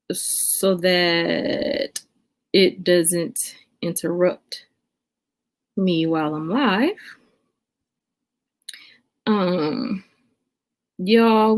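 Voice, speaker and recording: A young woman hosting a casual livestream, chatting and greeting viewers by name with lots of filler pauses. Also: medium pitch. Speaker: livestream host.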